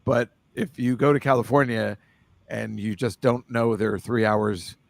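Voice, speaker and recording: A man's voice: mid-range voice, fairly even intonation, a little slow, gravelly, no echo. Rambling, laughing male picks host. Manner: loose, rambling, laughs often. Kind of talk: casual football picks chat.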